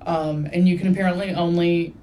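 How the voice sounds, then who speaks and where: A woman's voice: lowish voice, fairly even intonation, brisk, warm tone, a little hiss or hum. A young adult woman, hosting a casual podcast chat in a rambling, wry and profane way. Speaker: podcast host.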